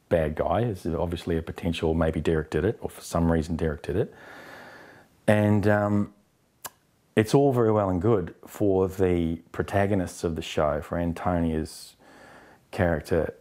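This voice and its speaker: A man's voice: deep voice, warm tone. A middle-aged man from New Zealand, an actor answering interview questions candidly and acting out quoted exchanges.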